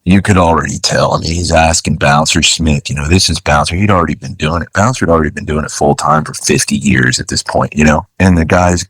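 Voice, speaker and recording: A man's voice: extremely low pitch, fast, few pauses, fairly bright tone, slightly rough, no echo. A man, a charter fishing captain, telling stories in a casual, laid-back way and acting out what people said. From Florida. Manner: laid-back, says "dude" and "you know" a lot, acts out quotes. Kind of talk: casual storytelling.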